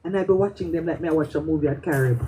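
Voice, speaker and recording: A Jamaican woman performs spoken-word poetry with a warm, mellow voice. She tells her story with animation, moving freely between standard English and patois. A faint hiss sits under her voice. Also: low-pitched, racing, low-quality recording. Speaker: poet.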